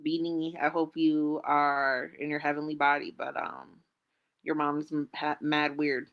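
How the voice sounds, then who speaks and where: A woman drops blunt, sarcastic remarks alongside a live stream, mocking what she hears. Her voice sits a little low for a woman. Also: level tone, a little slow, lo-fi sound. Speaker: stream commentator. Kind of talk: sarcastic running commentary.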